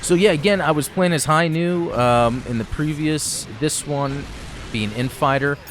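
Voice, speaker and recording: A man hosting a gaming channel, giving relaxed, chatty commentary over gameplay with plenty of fillers. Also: on the high side, unhurried, a little hiss or hum.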